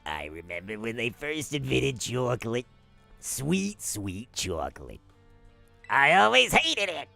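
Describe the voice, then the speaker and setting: A man putting on the voice of a grumpy old cartoon man, drawling and gravelly. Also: mid-range voice, wildly swooping pitch, slow, sharp tone, no echo, soft background music, full character voice. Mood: grumbling.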